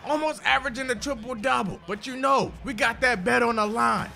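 A man giving hyped gameplay commentary, shouting and trash-talking at the game. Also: extremely high pitch, a little fast, gravelly. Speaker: gaming video creator. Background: music.

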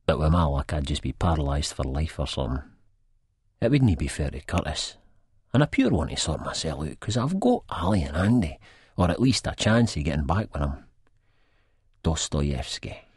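A man's voice: low voice, a little mellow, breathy edge, dry recording, studio quality. A man with a Scottish accent reading a first-person audiobook in a blunt, sweary, broad dialect. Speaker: audiobook narrator.

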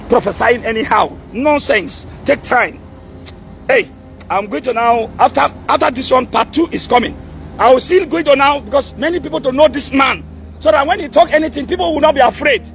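A man's voice: very high voice, vocal fry, a bit bright. A middle-aged man, a prophet delivering an angry, scolding public message that keeps demanding the listener's attention.

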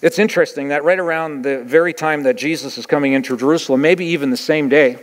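A man's voice: fairly high pitch, quick pace. A man preaching a sermon as pastor, asking his listeners questions and acting out crowd quotes. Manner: asks the congregation questions, acts out crowd quotes. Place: church sanctuary. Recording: long church reverb.

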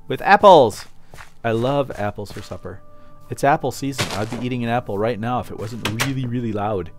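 A man narrates his own gameplay in a relaxed, chatty way, joking and addressing things on screen as if they could hear him. His pitch jumps around a lot, with a medium overall pitch. Game music plays clearly underneath. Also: moderate pace. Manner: playful, chatty, talks to in-game objects. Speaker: let's play host. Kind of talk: casual game commentary.

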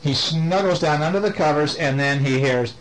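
A man's voice: a little high, moderate pace, rough recording. An older man at home reading a picture book aloud to children, with playful questions to the kids. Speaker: storyteller.

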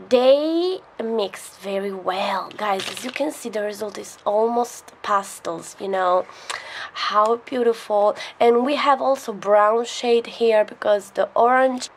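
Excitable Italian-accented woman, slow-paced. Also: medium pitch, slight background noise. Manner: excitable, frequent gasps and giggles, non-native phrasing. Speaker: artist reviewing art supplies. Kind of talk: casual unboxing vlog.

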